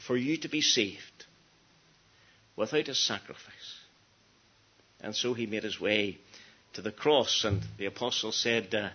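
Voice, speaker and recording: A man preaching a gospel sermon, earnest, dropping to hushed tones and then rising to emphatic peaks. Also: mid-range voice, slightly rough. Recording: dull lo-fi sermon recording.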